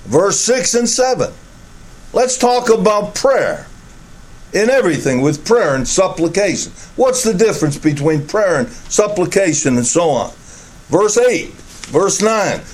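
A man preaching an expository sermon, reading scripture deliberately and repeating key phrases for emphasis. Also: high-pitched, darkish tone.

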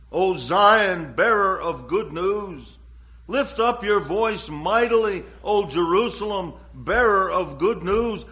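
A man preaching a sermon, slow and deliberate, with dramatic rises and drops in pitch and loudness. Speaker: pastor.

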